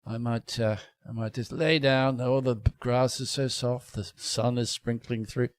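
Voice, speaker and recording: A man's voice: sits high, brisk, sharp tone, voice pushed up. A man playing a pompous, posh English scientist who is haughty and self-important.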